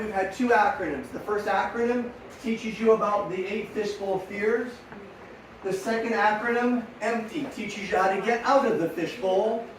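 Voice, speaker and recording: Middle-aged male coach, high-pitched, energetic motivational talk, recorded far off in a reverberant hall. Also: slight background noise. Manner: energetic, rhetorical questions to the audience. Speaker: sports mental coach. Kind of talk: motivational talk to young riders. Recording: echoey room, mic at a distance.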